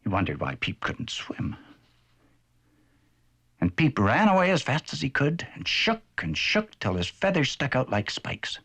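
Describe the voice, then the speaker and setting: Animated, husky storybook narrator, a man. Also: medium pitch, measured pace. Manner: animated and expressive, gentle storyteller. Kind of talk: storybook narration for a children's cartoon.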